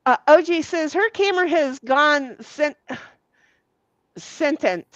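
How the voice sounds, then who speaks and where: A woman's voice: sits high, animated, takes it slowly, a bit bright, no room sound, muffled recording. A woman hosting a casual livestream, reading viewer comments aloud in a salty, giggly way and swearing freely. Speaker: livestream host.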